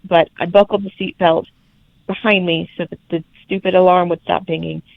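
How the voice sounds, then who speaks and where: A young woman, telling her birth story as a podcast guest in lively, laughing casual chat. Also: lowish voice, normal speed, creaky, no echo. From Alabama, USA. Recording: tinny phone-like remote line.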